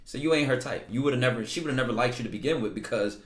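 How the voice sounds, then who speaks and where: A man hosting a stream and reading viewers' messages aloud in a loose, blunt, slangy way, often breaking into loud disbelief. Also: medium pitch, quick pace. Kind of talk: casual commentary reading DMs. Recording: echoey room.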